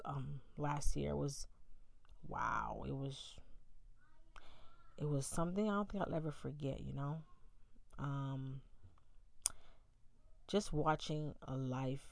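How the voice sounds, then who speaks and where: A woman's voice: low voice, darkish tone, no echo. A woman in her thirties candidly telling a personal story in a conversational way. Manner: candid and conversational, with many fillers and acted-out quotes. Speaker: speaker sharing a personal story.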